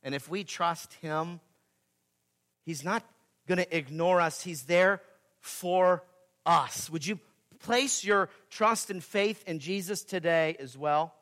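A man preaching a sermon as pastor, swinging between loud emphatic peaks and quiet asides, repeating key phrases. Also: slow pace. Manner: dramatic swings in pitch and loudness, emphatic repetition.

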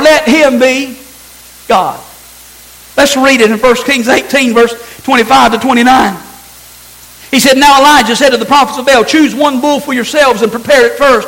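A man's voice: very high voice, fairly bright tone, rough recording. A man preaching a sermon, reading scripture aloud and repeating phrases for emphasis.

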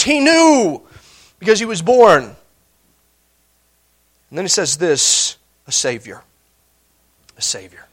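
A man with a very high-pitched voice delivers a sermon. He speaks in an animated, emphatic way, repeating himself and asking "all right?" to keep his listeners with him. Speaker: pastor.

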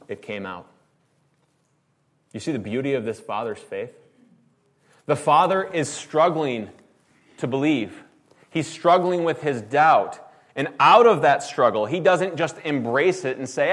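A man delivering a sermon at a mid-range pitch for a man. He preaches in a conversational yet emphatic way and keeps putting rhetorical questions to his listeners. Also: moderate pace, a bit bright. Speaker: pastor.

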